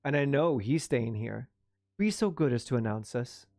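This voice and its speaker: A man's voice: mid-range voice, animated, moderate pace, darkish tone, no echo, studio quality, natural voice. A man reading the part of a middle-aged noblewoman who coaxes and pleads in her sweetest tone. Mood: coaxing. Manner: sweet, coaxing tone.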